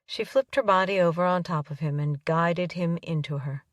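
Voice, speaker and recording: A woman narrating a romance audiobook in an even, unhurried storytelling manner. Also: lowish voice, no room sound, clean studio sound, far from the mic.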